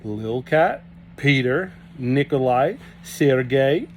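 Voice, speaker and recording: A man reading aloud, voicing a big cheerful Russian farmhand who speaks in loud, broken English. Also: medium pitch, lively intonation, takes it slowly, a little hiss or hum. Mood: hearty.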